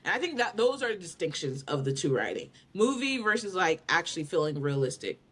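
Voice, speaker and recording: A woman's voice: fairly low pitch, big pitch swings, fairly quick, slightly rough. A woman co-hosting a podcast in casual chat, giving her opinions with emphatic confidence. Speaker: podcast co-host.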